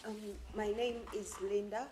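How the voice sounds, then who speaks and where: A woman from Uganda asking an earnest, emotional question at an academic forum in a lecture hall, with halting restarts. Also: mid-range voice, steady tone, noisy background. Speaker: audience member asking a question.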